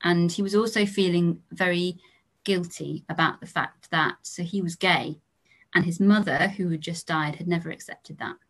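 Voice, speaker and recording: A young English woman gives a lecture as a trainee doctor, recounting stories from her work. Her voice sits slightly low, and she speaks in a calm, measured way, letting her sentence endings fade softly. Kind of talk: storytelling lecture.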